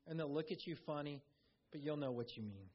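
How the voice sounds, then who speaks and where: A man's voice: on the high side, animated, fairly quick, muffled recording, slight background noise. A man preaching a conversational sermon, reading scripture and acting out quotes along the way. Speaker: pastor.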